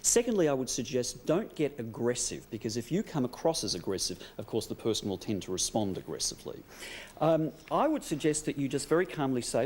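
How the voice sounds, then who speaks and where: Calm man giving advice. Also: mid-range voice, brisk, a little hiss or hum. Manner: calm, explanatory, laughs easily. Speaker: psychologist guest. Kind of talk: advice on a TV talk show.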